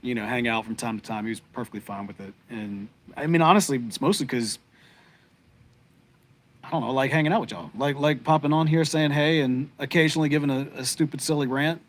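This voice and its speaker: A man's voice: mid-range voice, a little fast. A middle-aged man, co-hosting a podcast and chatting casually with viewers in a rambling, heartfelt way, full of fillers and restarts. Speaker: podcast co-host. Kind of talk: casual live-stream chat with viewers.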